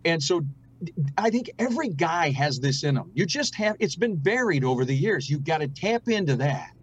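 A man's voice: a little high, big pitch swings, moderate pace, slightly rough, poor audio. A middle-aged man, a radio host and guest, telling family stories in an earnest, preachy way during a casual conversation.

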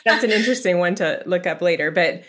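Woman host, friendly and easygoing, slightly low pitch. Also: quick pace, fairly bright tone. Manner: friendly, easygoing, laughs often. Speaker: podcast host. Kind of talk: casual interview hosting.

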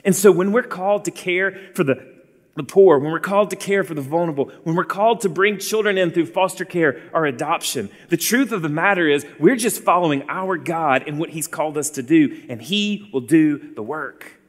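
Man preaching a sermon, earnest and exhorting, fairly high voice, long echo. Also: moderate pace. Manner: earnest, exhorting, addresses listeners as beloved.

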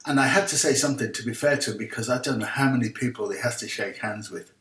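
An older Irish man, a guest caller, telling a lively anecdote in casual chat. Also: medium pitch, fast talker. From Ireland. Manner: chatty, animated, laughing anecdote teller. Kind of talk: casual storytelling. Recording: roomy, distant remote line.

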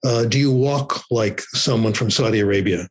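An older American man explaining his views on language learning in a relaxed, wandering way, often checking in with "okay?". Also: on the low side, normal speed, rough recording. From United States. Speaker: guest, language researcher. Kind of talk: conversational explanation.

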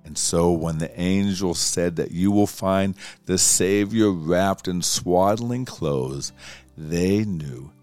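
A man delivers a sermon in a very low, deep voice. He tells his story unhurriedly, leaving pauses between phrases. Faint music sits quietly under his words. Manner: slow, deliberate storytelling with pauses.

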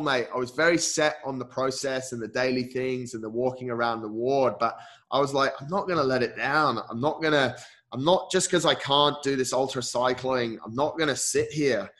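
A man's voice: medium pitch, fairly bright tone. A man, an endurance coach, telling a personal story as an interview guest, speaking earnestly and candidly, often saying "mate" and restarting his sentences.

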